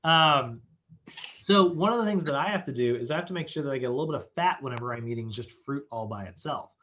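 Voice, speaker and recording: A man's voice: mid-range voice, animated, fast, bright, forceful tone, lo-fi sound, a little hiss or hum. A man teaching a casual online nutrition lecture over a video call, chatty and full of fillers, often laughing. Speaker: fitness nutrition instructor.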